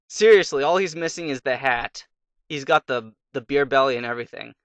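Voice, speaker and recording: A man's voice: medium pitch, brisk, fairly bright tone, dry recording. A young man casually commenting on his gameplay, rambling through a fairy tale between moves and muttering to himself. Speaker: let's play commentator.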